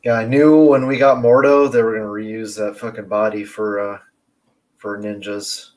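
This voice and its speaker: Low-voiced man, matter-of-fact. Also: little pitch movement, normal speed, a little mellow, a little hiss or hum. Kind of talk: casual chat.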